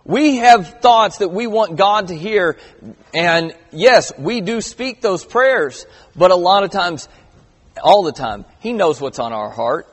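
High-voiced man preaching in a reverberant hall. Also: expressive, slow. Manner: conversational preaching with emphatic stresses and scripture reading. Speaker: pastor. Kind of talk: sermon.

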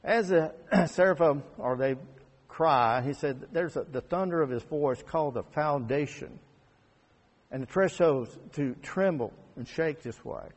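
A man preaching a conversational sermon. He rises to emphatic peaks and drops to quiet asides. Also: on the high side, unhurried. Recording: long hall reverb.

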